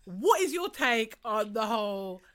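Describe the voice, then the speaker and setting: A woman's voice: fairly high pitch, sing-song, a little slow, fairly bright tone. A young British woman co-hosting a casual chat, teasing and giggling often with slangy banter. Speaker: co-host.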